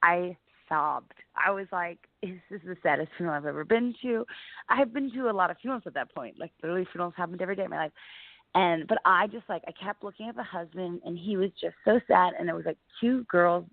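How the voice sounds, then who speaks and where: Guest comedian, young woman, chatty and animated storyteller; dry, tinny phone-like sound. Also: fairly low pitch, fast, creaky, no room sound. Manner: chatty, animated, lots of "like" fillers. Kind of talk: casual interview storytelling.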